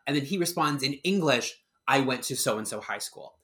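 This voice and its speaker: A man co-hosting a film podcast, recapping and reviewing the movie in a relaxed, dry, casual way. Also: mid-range voice, moderate pace. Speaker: podcast co-host.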